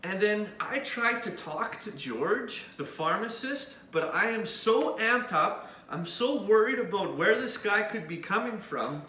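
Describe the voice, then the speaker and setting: Give me an animated man recounting a story, high and lively, recorded in an echoey room. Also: unhurried, hardly any pauses. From Canada. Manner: animated, points out spots as he tells it. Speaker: vlogger telling a personal story. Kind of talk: animated first-person storytelling. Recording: echoey room with faint noise.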